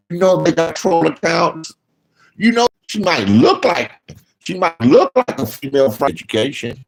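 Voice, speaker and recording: A man speaking in a profane, casual commentary rant, his voice jumping loud and high when he mocks people. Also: animated, normal speed, creaky. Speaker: online commentator.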